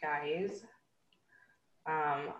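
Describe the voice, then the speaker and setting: Young female podcast co-host, lowish pitch, giggly and casual, echoey room. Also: drawn-out words, muffled recording, crowd noise. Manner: bubbly, giggly, trails off quietly.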